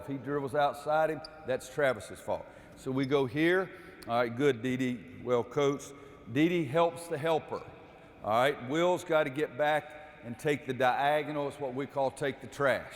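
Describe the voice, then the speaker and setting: An older man coaching basketball players through a defensive drill, explaining steps and calling out repeated commands. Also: mid-range voice. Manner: instructive, barks repeated drill calls. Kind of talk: coaching clinic on court. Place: gym. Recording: long reverb of a large gym.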